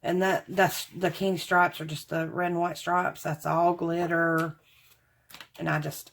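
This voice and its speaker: A woman's voice: lowish voice, little pitch movement, measured pace, a little hiss or hum. A woman, chatting casually to camera about craft supplies she bought, rambling and calling her viewers y'all. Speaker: craft haul vlogger.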